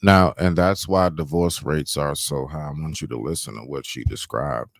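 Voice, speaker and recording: A man's voice: very deep voice, moderate pace, no room sound, studio quality. A man hosting a live stream, reacting to clips with blunt, scolding, slangy commentary.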